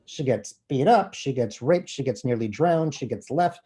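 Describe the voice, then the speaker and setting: A man interviewed as an author, talking in an animated, self-deprecating and profane way. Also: medium pitch, moderate pace, husky, faint music behind. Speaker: author guest. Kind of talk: conversational interview. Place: bookstore event.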